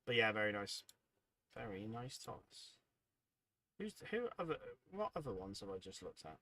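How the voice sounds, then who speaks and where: Tired, chatty man with a bright voice. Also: on the low side, very animated, moderate pace, dry recording. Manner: chatty, rambling, self-deprecating. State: tired, yawning. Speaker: livestream host. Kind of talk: casual livestream chat reading viewer comments.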